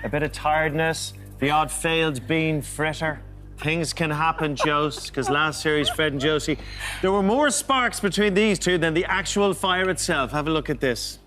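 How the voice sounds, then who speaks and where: A man's voice: fairly high pitch, moderate pace, bright, forceful tone, soft background music. A man presenting a TV show, chatty and playful as he asks questions and links segments. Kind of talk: breezy TV presenting.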